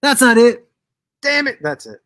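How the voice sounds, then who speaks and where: A middle-aged man hosting a casual live show while high, talking in a loose, giggly, rambling way. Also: sing-song, normal speed, sharp tone, dry recording. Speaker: host.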